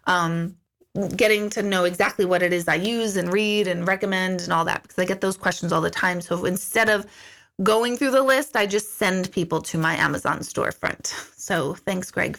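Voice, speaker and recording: A middle-aged woman hosting a casual live-stream Q&A as an intuitive, chatty and storytelling, acting out her own remarks in lively asides. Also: mid-range voice, normal speed, creaky. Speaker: intuitive medium answering viewer questions.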